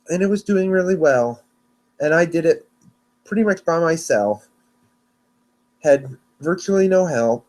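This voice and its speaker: A man's voice: on the high side, darkish tone. A man hosting a weather podcast on his own, talking casually and rambling, often restarting and correcting himself, a little sleepy. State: yawning, sleepy. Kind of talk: casual solo podcast talk.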